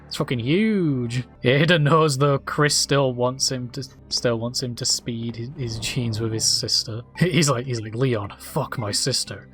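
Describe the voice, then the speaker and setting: A man's voice: mid-range voice, a little slow, hardly any pauses, a bit bright, soft background music. A man giving crude, rambling, jokey commentary while streaming a game. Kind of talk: casual gameplay commentary.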